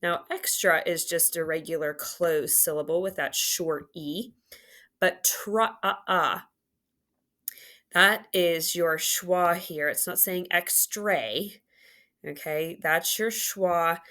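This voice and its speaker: Slow patient woman teaching phonics. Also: on the low side, fairly bright tone. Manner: slow, patient, drawn-out enunciation of sounds. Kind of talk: phonics lesson walkthrough.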